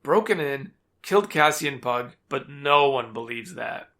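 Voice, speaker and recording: A man's voice: mid-range voice, lively intonation, normal speed, bright, forceful tone. A man co-hosting a podcast, recapping a book in casual chat with wry jokes. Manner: wry, joking. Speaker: podcast co-host.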